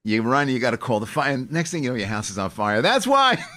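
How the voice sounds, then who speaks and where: A middle-aged man, hosting a casual chat show and telling stories with lively mimicking. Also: moderate pace, pauses often. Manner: animated storyteller, jumps into high mimicking voices. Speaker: host.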